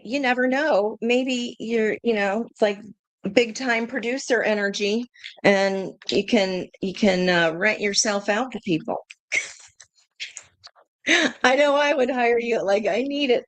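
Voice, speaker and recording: A tarot reader with a medium-pitched voice does a live reading with no room sound. She thinks aloud in a chatty way, laughs often, and swears casually.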